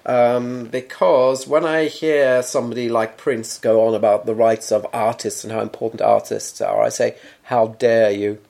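A man's voice: medium pitch, little pitch movement, moderate pace, vocal fry, hardly any pauses, darkish tone. A man from Britain co-hosting a podcast in casual chat, pedantic and dry, arguing points about grammar and words. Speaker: podcast co-host.

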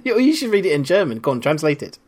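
A man co-hosting a chat podcast, full of sarcastic teasing. His voice sits a bit high and swings widely in pitch. He reads listener mail with playful asides. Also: big pitch swings, fast, a little mellow. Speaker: podcast co-host. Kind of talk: casual banter, reading listener emails.

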